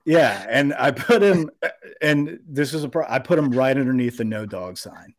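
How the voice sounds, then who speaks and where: Casting: young male podcast co-host, rambling swearing storyteller, mid pitch, dry close sound. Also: normal speed, dry recording. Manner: rambling, animated anecdote with profanity and quoted voices. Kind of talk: casual storytelling.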